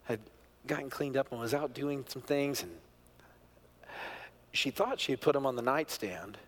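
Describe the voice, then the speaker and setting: A middle-aged male pastor preaching a sermon, telling a family story, moving from hushed, quiet moments to loud, excited peaks. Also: mid-range voice, normal speed. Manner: animated storyteller, swings from hushed to near-shouting.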